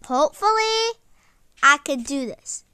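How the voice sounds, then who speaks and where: Bright, lively female gamer voice. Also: high-pitched, unhurried, dry recording. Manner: frustrated, exclaiming, drops to whispers. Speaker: gaming vlogger. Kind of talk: casual gameplay commentary.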